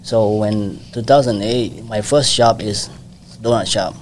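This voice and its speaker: Relaxed lower-voiced man. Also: unhurried, a little hiss or hum. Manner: simple non-native English, relaxed and friendly. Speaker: donut shop owner. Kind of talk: casual interview.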